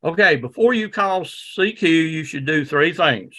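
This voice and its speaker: A man with a Southern drawl lectures a classroom in a loose, folksy manner, leaning on "okay?" to check that his students follow. His voice sits a little high and rings bright and forceful. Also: animated, a little slow. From Southern United States. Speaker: ham radio class instructor.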